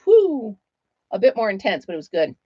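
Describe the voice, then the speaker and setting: A woman's voice: mid-range voice, huge pitch swings, moderate pace, breathy edge, dry recording. Woman chatting on a home livestream, answers comments, laughs a lot, dry dull sound. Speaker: livestream host. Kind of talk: casual chat while crocheting.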